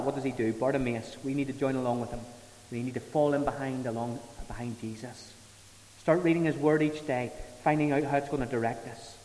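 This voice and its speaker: A man preaching a sermon, emphatic, swelling to loud peaks and falling back soft. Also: mid-range voice, a little hiss or hum. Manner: emphatic, rising to loud dramatic peaks, then dropping soft. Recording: reverberant hall.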